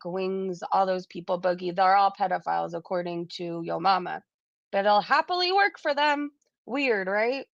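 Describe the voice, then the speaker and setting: A woman's voice: mid-range voice, no echo, highs cut off. A woman with a Californian Valley girl accent, hosting a live stream and chatting casually, saying "like" a lot. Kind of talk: casual chat.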